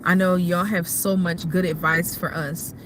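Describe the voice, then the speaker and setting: A woman speaks casually into her phone from a parked car, chatting with her live viewers about motherhood. Her talk is warm and openly emotional. Traffic noise and street ambience are clearly heard around her. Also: lowish voice, level tone, a little slow. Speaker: mom livestreaming advice to viewers.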